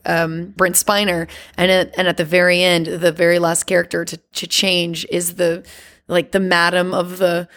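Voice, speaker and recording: A woman chatting as a podcast guest, animated and laughing often, with many fillers. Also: fairly low pitch, normal speed. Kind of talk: casual chat.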